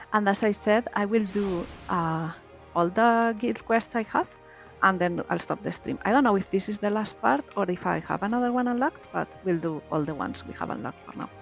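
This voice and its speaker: A woman live-streaming a game, chatting casually with viewers in an excitable, giggly way. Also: medium pitch, vocal fry.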